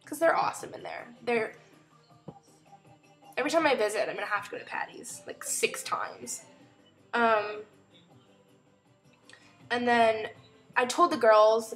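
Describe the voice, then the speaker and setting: A young woman telling a chatty story in a casual vlog at home, acting out other people's lines as she goes. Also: mid-range voice. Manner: chatty, animated retelling with quoted voices. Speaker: vlogger.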